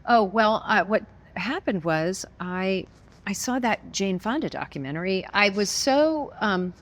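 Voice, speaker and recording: Brief: woman guest, warm-toned storyteller, animated and quick to laugh, trails into fillers mid-thought. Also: medium pitch. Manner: expressive, laughs often, hesitant restarts with fillers. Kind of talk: casual conversational storytelling.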